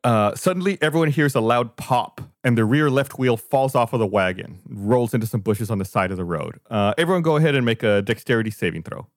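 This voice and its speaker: Gm guy narrating the game, lively voice, laid back, dry room. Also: medium pitch, a little fast, hardly any pauses, no room sound. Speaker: game master.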